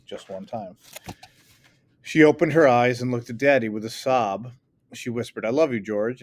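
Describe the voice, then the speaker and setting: A man reading a first-person novel aloud in an earnest storytelling way, now and then stumbling and correcting himself. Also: fairly low pitch. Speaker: audiobook reader.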